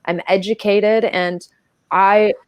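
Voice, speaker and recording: A woman's voice: mid-range voice, steady tone, slow pace, smooth, no room sound. A woman as a podcast guest, telling stories in a chatty, casual way full of filler words. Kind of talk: casual storytelling chat.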